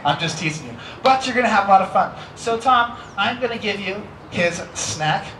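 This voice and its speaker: A man's voice: sits high, animated, moderate pace, fairly bright tone, slight background noise. An American man presenting a live educational bird show, playful and teasing as he coaxes volunteers. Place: outdoor amphitheater stage. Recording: roomy live show sound with music.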